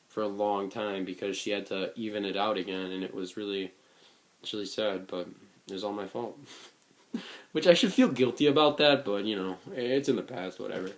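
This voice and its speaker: Earnest rambling teenage guy. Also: on the low side. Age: late teens. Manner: earnest, rambling, with many fillers and restarts. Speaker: vlogger. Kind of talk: casual reflective vlog.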